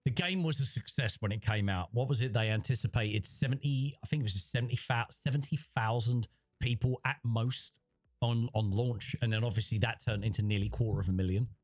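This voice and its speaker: A man's voice: mid-range voice, a little fast, darkish tone. Rambling man streaming. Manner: rambling, conversational, frequent restarts. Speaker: livestreamer. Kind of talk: livestream commentary, reading chat.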